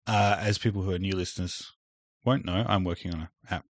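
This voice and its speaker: Deep-voiced man, casual podcast chat. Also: steady tone, brisk, dry recording, studio quality. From Australia. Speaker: podcast co-host.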